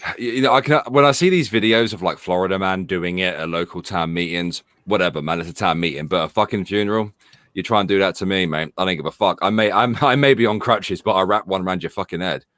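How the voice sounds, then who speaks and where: A man's voice: low voice, fast talker, no room sound. Swearing British man, dry close sound. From Britain. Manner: swearing, animated banter. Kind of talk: casual chat.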